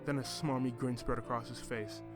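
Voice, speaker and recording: A man reading a first-person story in a measured, reflective way. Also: mid-range voice, level tone. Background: music.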